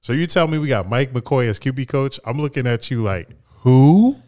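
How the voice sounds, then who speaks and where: A man's voice: medium pitch, brisk. A young man co-hosting a casual podcast, laid-back, laughing often and swearing freely. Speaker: podcast co-host.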